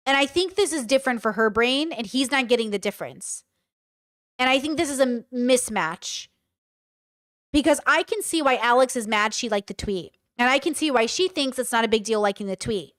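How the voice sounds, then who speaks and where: Woman, reaction commentary, smooth clear voice, fairly high, dry close sound. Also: expressive, brisk, fairly bright tone, dry recording. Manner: casual, swears while reading. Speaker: commentary streamer. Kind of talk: reaction commentary, reading messages aloud.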